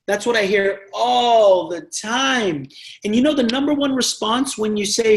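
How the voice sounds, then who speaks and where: A man with a fairly high voice runs a sales training session. He talks with real passion, pressing his points hard and slipping into short acted exchanges between seller and customer. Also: animated, unhurried. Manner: passionate, emphatic, acts out sales dialogues. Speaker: sales team leader giving training. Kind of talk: energetic sales training talk.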